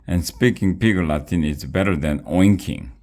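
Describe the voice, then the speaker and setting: A man's voice: sits low, moderate pace, darkish tone, close to an everyday voice. A man reading aloud, voicing a brave, helpful female pig in a children's story with a slightly raised voice. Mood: earnest.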